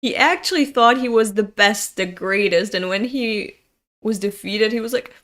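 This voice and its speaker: A woman's voice: medium pitch, normal speed, fairly bright tone. A woman reading a comic aloud in a chatty, casual way, laughing and swearing as she goes. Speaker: comic reader.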